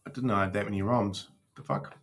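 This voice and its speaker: A man's voice: fairly low pitch, fairly even intonation, quick pace. A man hosting a casual crypto livestream, swearing freely and talking to his chat as he browses.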